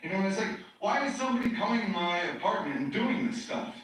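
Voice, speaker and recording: An agitated man with a fairly high voice rambles on, circling back and stacking fillers as he rants. His recording sounds distant and heavily echoey, played back in a large room. A faint hiss sits underneath. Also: expressive, fast talker, few pauses, fairly bright tone. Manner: agitated, ranting, repeats himself with many fillers. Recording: very echoey playback heard from far off.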